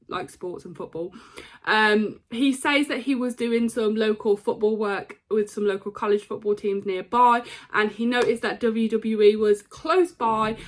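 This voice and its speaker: A young woman casually recapping a wrestling show, excitable, with lots of ums and quoted lines. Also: medium pitch. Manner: excitable, retells scenes with quoted lines and many fillers.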